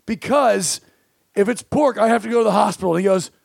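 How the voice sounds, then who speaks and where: A man's voice: sits high, fairly quick, creaky, slightly rough, no echo, clean studio sound. A man in his thirties co-hosting a podcast, telling funny stories and acting out what people said. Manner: animated storyteller, acts out quotes loudly. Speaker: podcast co-host. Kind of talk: casual comedic storytelling.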